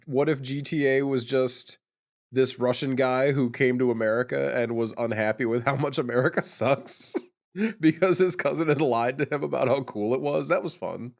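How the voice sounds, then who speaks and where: A man co-hosting a podcast in casual chat, animated and teasing. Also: medium pitch, moderate pace, vocal fry. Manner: animated, teasing, jumps into impressions. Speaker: podcast co-host.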